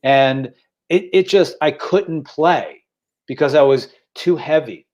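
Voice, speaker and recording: Co-host, 60s man, candid halting storyteller on a video call. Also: fairly high pitch, a little mellow. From Staten Island, New York. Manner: halting, repeats words, emotional. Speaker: podcast co-host.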